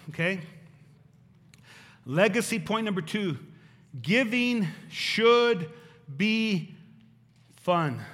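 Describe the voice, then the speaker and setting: Pastor, middle-aged man with a high voice, emphatic and repetitive, lively delivery in a long-reverb hall. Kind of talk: sermon.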